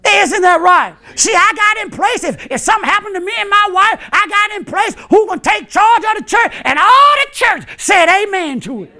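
A man preaching a fiery sermon in a strikingly high voice that rises into bursts of shouting. His tone is bright and forceful, loose and colloquial as a pastor, with chuckles breaking in between points. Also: animated, moderate pace, few pauses.

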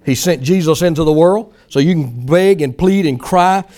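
A man's voice: fairly high pitch, moderate pace, darkish tone. A male pastor preaching a sermon in a folksy, emphatic way, mimicking pleading prayers for effect.

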